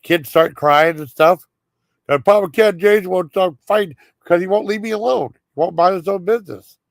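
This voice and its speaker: A man's voice: high voice, moderate pace, gravelly, no echo. A man telling a rambling story on a live stream, frustrated and cursing freely as he goes. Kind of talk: casual storytelling chat.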